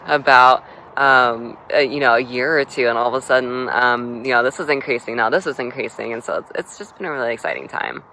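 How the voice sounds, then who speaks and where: A man's voice: mid-range voice, pushed and bright, a little hiss or hum, low-quality recording. A man talking casually in a video diary, rambling with lots of fillers and restarts. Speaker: vlogger.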